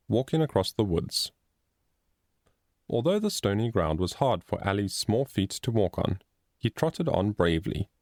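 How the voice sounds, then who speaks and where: A man narrating a storybook chapter in a steady, expressive reading. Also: on the low side, vocal fry, no room sound, studio quality. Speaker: audiobook narrator.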